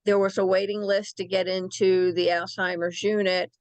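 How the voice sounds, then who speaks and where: A woman's voice: mid-range voice, little pitch movement, normal speed, no room sound. An older woman, a show guest, telling her story of caring for her husband in a plainspoken, wry way. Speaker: guest caregiver. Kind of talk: personal story on a talk show.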